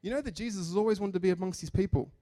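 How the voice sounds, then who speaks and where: A man's voice: sits high, racing. A man preaching a sermon in a chatty, joking way, acting out the people in his stories. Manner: animated, chatty, jokes and acts out quotes. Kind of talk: sermon with storytelling.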